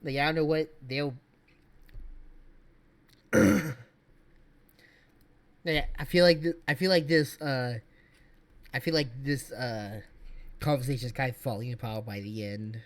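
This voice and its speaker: A man's voice: medium pitch, measured pace, pauses often. A man streaming casual reaction commentary, rambling with many fillers and restarts.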